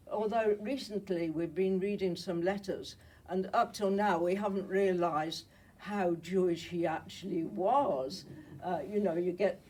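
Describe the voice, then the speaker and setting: A woman's voice: lowish voice, darkish tone, breathy edge, far from the mic, poor audio. A woman in her eighties from Germany, a Holocaust survivor giving a slide talk to an audience, chatty and often checking in with her listeners, while nursing a cold. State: has a cold.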